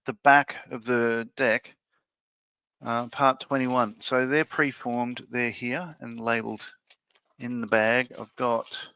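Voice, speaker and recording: A man hosting a live stream thinks out loud while building a model ship, his casual chat full of fillers and restarts. His mid-range voice is bright, forceful and smooth, and the recording is dry.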